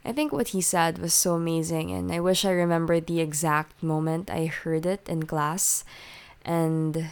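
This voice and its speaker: A young woman in her twenties hosting a casual podcast, her voice nasal and blocked from allergies, talking in a soft, reflective way. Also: sits low, steady tone, normal speed, clean tone. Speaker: podcast host. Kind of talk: casual solo podcast talk.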